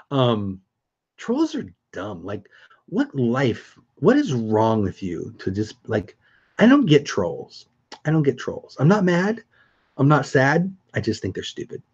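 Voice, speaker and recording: A man's voice: medium pitch, darkish tone, husky, dull audio. A middle-aged man hosting a casual live stream, chatting upbeat with viewers and answering their comments.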